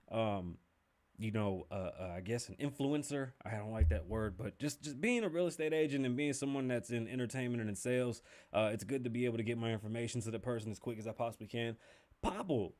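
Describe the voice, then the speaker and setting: A man's voice: medium pitch, brisk, a little mellow. A young man hosting a casual podcast livestream, joking and chatting loosely, swearing freely as he talks to viewers. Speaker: podcast host.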